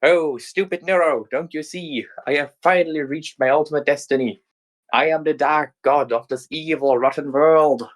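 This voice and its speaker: A man's voice: on the high side, moderate pace, pitched above the performer's own voice, close to an everyday voice. A man doing a boisterous evil twin girl. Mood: gloating. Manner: loud, boisterous, gloating.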